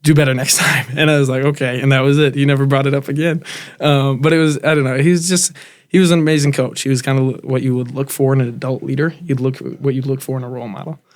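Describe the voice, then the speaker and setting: Young male guest, casual, monotone-ish, frequent ums and restarts. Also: medium pitch, fast talker. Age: young adult. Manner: relaxed, many fillers and restarts. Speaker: guest, college football player. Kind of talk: casual interview talk.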